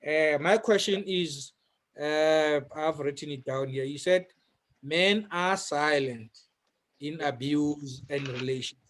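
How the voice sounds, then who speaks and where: A South African man moderating a Q&A, asking questions in a deliberate, hesitant way. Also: on the high side.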